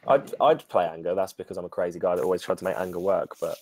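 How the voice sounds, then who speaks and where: A man's voice: low-pitched, lively intonation, fast talker, darkish tone, dry recording. A man co-hosting a podcast, rambling and correcting himself as he chats about a card game. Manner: rambling, self-correcting, laughing. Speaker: podcast co-host. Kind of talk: casual card-game discussion.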